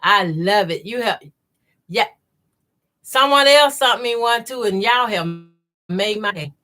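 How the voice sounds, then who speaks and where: A woman's voice: mid-range voice, expressive, a little slow, sharp tone. A woman with a Southern accent hosting a live sewing stream, greeting viewers by name and reading their comments aloud. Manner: says y'all a lot. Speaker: quilting channel host.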